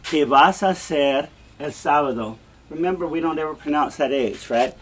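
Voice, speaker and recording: A man teaching a beginner language lesson in a classroom, patiently repeating example phrases slowly. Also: on the high side, a bit bright, a little hiss or hum. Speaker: Spanish teacher.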